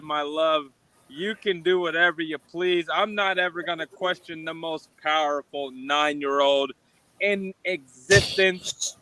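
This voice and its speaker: A man's voice: a little high, bright, forceful tone, no echo, rough recording. A man guest on a video call, delivering a bombastic, repetitive showman promo. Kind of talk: wrestling promo.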